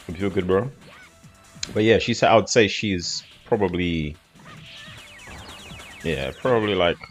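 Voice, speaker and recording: A man's voice: low-pitched, measured pace, faint music behind. A man, casually commentating a fighting game on a live stream in a loose, slangy, rambling way. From southeast England.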